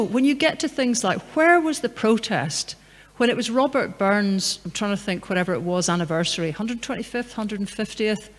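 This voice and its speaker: A middle-aged woman giving a public talk in a large hall, speaking in a conversational, anecdotal and emphatic way. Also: medium pitch. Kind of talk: lecture and Q&A answer. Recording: long hall reverb.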